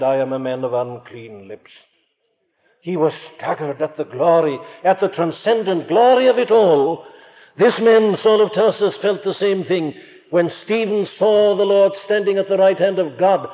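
A man preaching a sermon with fervent rises and solemn hushed passages. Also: sits high. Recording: old lo-fi phone-band recording in a reverberant hall.

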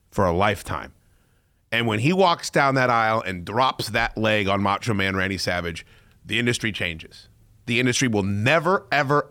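A man hosting a podcast in casual chat, excitable and profane, often breaking into loud shouting. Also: medium pitch. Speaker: podcast host.

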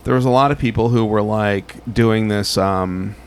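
A man's voice: on the low side, moderate pace, clear, resonant tone. A man telling a story in casual podcast chat, rambling and full of fillers like "like" and "um". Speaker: podcast co-host.

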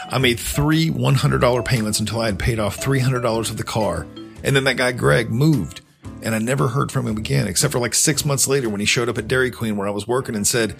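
A young man telling a personal story on his podcast in a casual, profane, animated way. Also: mid-range voice, fast, vocal fry, faint music behind. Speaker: podcast host.

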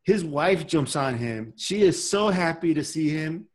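A man's voice: fairly high pitch, expressive, unhurried, breathy edge. A man hosting a podcast in casual chat, rambling and emotional as he talks. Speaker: podcast host.

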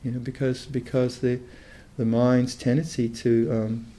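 Older man giving a mellow dharma talk. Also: mid-range voice, flat delivery. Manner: thoughtful, halting, with many restarts. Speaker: Buddhist meditation teacher.

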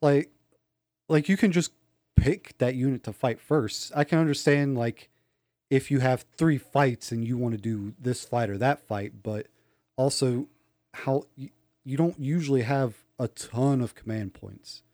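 A man's voice: medium pitch, unhurried, darkish tone, no echo. Male co-host, hesitant, filler-heavy, dry close sound. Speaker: podcast co-host. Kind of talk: casual tabletop gaming chat.

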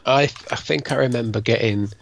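A man chatting casually in a relaxed way, laughing along as he recalls something. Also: mid-range voice, brisk, gravelly. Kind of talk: casual chat. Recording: dull distant mic with faint noise.

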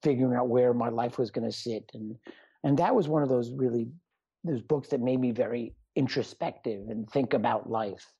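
A middle-aged doctor and author, appearing as a guest, rambles through a casual interview chat in a self-deprecating way. His medium-pitched voice is mellow with a breathy edge and moves at normal speed. The recording is dry, muffled, and lo-fi.

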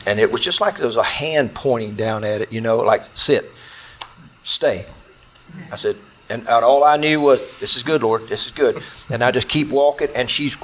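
A man recounts a close call to a small audience seated around him. His pitch sits squarely in the middle of the range, and his delivery is intense and halting, full of restarts and repeated words. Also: fairly bright tone, slight background noise. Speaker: bowhunter telling a story. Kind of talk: personal storytelling to a small audience.

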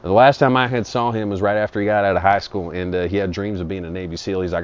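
Low-voiced man rambling crudely. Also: fairly even intonation, quick pace, hardly any pauses, clean tone. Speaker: storyteller. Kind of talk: improvised comic monologue. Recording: dull lo-fi audio.

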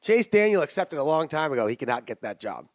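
A man with a high voice talks through football picks on a podcast, brash and jokey, wandering off into asides. The sound is dry and close, with no room in it. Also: big pitch swings, quick pace, dry recording. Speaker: sports betting podcast co-host. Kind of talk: casual sports betting chat.

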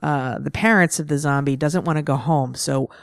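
A woman's voice: low voice, moderate pace, vocal fry, dry recording, clean studio sound. A woman co-hosting a casual comic book review chat, talking in a chatty way and laughing often.

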